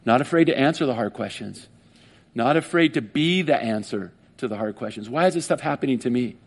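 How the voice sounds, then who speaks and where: A man's voice: medium pitch, a little fast. A man preaching a sermon, retelling a story with feeling and acting out the voices of its people. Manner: emotional, animated storytelling with acted-out voices. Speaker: pastor.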